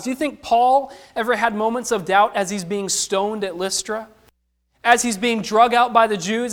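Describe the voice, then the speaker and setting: A man preaching a sermon, who asks the listeners questions and acts out the lines of the people he quotes. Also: high-pitched.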